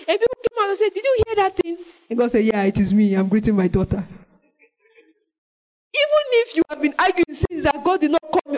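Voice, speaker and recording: In a low-quality recording, a high-voiced woman preaches with animation, swinging from loud exclamations to soft, prayerful moments.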